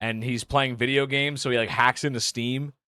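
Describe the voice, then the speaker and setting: A man's voice: medium pitch, steady tone, normal speed, bright, forceful tone, clear, resonant tone, dry recording. A man ranting casually about a movie he disliked, rambling with lots of filler, swearing and sarcasm. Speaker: movie reviewer. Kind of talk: casual movie review rant.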